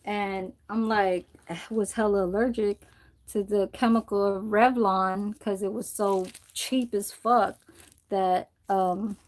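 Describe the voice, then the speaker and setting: Slow-talking woman streamer, chatty and profane. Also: medium pitch, steady tone. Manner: loose, profane and rambling, with frequent laughter. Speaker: livestreamer. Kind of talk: casual chat while dyeing her hair.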